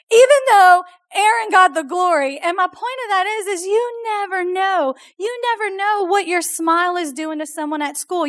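A woman preaching a sermon to a youth group, telling stories in a chatty, animated way. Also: very high voice. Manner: animated storytelling, chatty with "like" and "oh my gosh".

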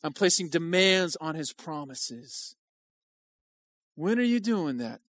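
A man's voice: a little high, sing-song, slow pace, fairly bright tone, dry recording. A male pastor preaching an impassioned sermon at a church service, driving home repeated rhetorical questions.

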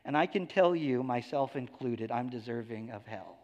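A male pastor preaching a sermon, emphatic, swinging between hushed lows and raised declarations. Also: expressive, normal speed, long reverb tail, highs cut off.

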